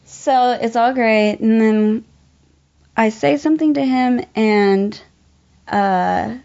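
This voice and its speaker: Young woman chatting, fairly high voice, laughs a lot, kinda dull lo-fi sound. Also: slow pace, gravelly. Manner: animated storyteller, laughs often, many fillers. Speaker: actor telling a story. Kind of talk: casual chat.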